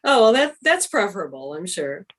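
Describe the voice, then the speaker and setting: A woman's voice: medium pitch, very animated, normal speed, fairly bright tone, a little hiss or hum. A woman moderating a virtual author event, asking easygoing questions and adding short backchannels. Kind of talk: interview questions.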